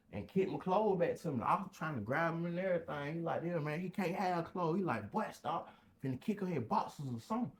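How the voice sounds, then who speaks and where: A young man telling a story casually on a podcast, acting out voices with sudden loud high bursts. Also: slight background noise.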